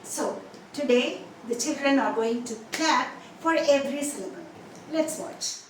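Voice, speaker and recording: A woman teaching English pronunciation, asking questions and answering them herself, and repeating example words slowly. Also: high-pitched. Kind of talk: pronunciation lesson. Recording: echoey room, mic a bit distant, faint noise.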